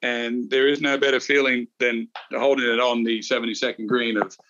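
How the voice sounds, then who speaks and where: A man's voice: medium pitch, little pitch movement, normal speed, bright, forceful tone, muffled recording. A middle-aged man, a podcast co-host, chatting casually and rambling through stories with restarts. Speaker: podcast co-host, former golf champion. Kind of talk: casual chat.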